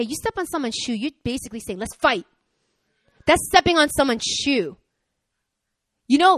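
A woman preaching a sermon who tells candid personal stories and acts out the dialogue with lively energy. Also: a little high, dry recording. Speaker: preacher, pastor's wife.

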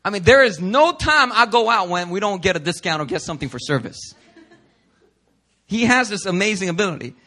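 Young male pastor, casual joking sermon, high bright voice. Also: lively intonation, a little fast. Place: church.

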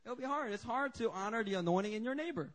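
A man preaching at a church service, his voice sitting fairly high. He tells stories with lively humor and an easygoing, animated delivery. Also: fast. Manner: animated, joking storytelling. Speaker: pastor. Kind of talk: sermon.

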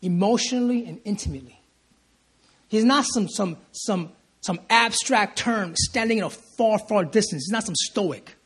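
High, husky-voiced man preaching a sermon. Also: normal speed, a bit bright. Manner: emphatic, repeats lines and asks "Amen?" for response; stumbles and restarts phrases in bursts of feeling. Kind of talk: sermon at a prayer meeting. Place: church service.

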